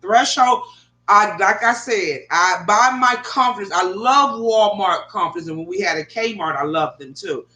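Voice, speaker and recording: A woman's voice: mid-range voice, unhurried. Rambling, foul-mouthed middle-aged woman, echoey room. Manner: animated, rambling, heavy swearing. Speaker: vlogger. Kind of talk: casual profane storytelling to viewers. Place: bedroom at home.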